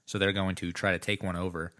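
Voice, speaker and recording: Deep-voiced man, laid-back podcast chat. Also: flat delivery, fast, pushed and bright. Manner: laid-back, rambling, hesitant fillers. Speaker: podcast co-host. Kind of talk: casual chat recapping a cartoon episode.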